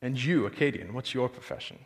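A man's voice: medium pitch, animated, a little fast, long reverb tail, lightly acted. A man voicing a proud, stern Spartan king who commands and rallies his warriors. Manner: commanding, bellowing at his troops.

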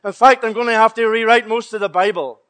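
A man's voice: high voice, fairly even intonation, fast, fairly bright tone. A male preacher voicing God as a hypothetical figure who speaks in a matter-of-fact, confiding way within a sermon. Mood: dismissive. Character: God, male, revising scripture, dismissive.

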